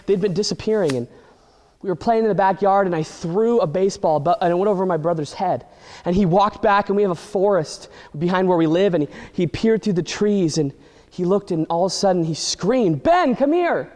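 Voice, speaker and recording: A man telling an exaggerated comic story with animated, deadpan delivery. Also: high voice. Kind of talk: comedic storytelling. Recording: long hall reverb.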